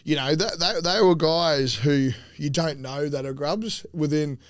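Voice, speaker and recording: Aussie bloke on a podcast, a bit high-voiced, swearing a lot and laughing through his footy stories. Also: measured pace, clean tone. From Australia. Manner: profane, rambling, often laughing mid-sentence. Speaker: former rugby league player, podcast guest. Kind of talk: casual podcast chat, telling stories.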